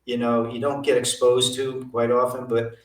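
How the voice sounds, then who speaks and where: Animated older man telling stories. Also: medium pitch, normal speed. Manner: animated anecdotes, acting out quoted voices. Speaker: guest. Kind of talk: storytelling interview. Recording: roomy, from a distance.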